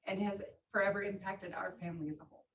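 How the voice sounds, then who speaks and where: A woman's voice: mid-range voice, fairly even intonation, fast talker, fairly bright tone. A woman on a coaching call sharing a personal story in a hesitant, heartfelt way. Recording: distant muffled audio with faint hiss.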